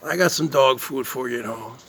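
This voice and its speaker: A man's voice: medium pitch, a little fast, breathy edge, pitched below the performer's own voice. A man doing a comic impression of a boastful Jersey man who brags about his pizza and moans with pleasure as he eats it. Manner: loud smacking yummy sounds, bragging.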